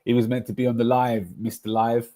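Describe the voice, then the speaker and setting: A man's voice: mid-range voice, little pitch movement, brisk, warm tone. A man hosting a casual football livestream, chatty and rambling, often laughing at his own stories. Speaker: livestream host.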